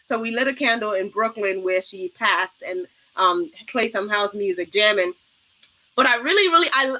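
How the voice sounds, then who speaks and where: A woman's voice: on the high side, pushed and bright, low-quality recording. A woman, hosting a livestream panel talk show and reading out viewer comments. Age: 40s. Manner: effusive, reads out viewer comments.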